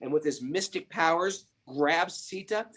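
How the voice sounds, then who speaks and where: A man's voice: fairly high pitch, animated, unhurried, a bit bright, husky. A man hosting a spiritual podcast, retelling stories with emphatic rhetorical questions. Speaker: podcast host. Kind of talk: spiritual storytelling and teaching.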